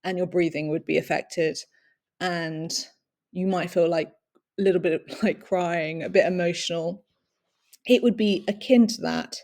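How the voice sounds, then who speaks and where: A woman's voice: lowish voice, fairly even intonation, measured pace, a little mellow. A woman giving a long personal talk, reflective and searching for words, with many fillers and small laughs. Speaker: speaker sharing personal experience.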